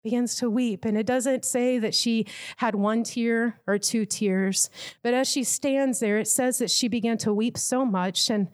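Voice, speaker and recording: Higher-voiced woman preaching a sermon. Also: a little slow. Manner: vivid storytelling, acts out imagined quotes.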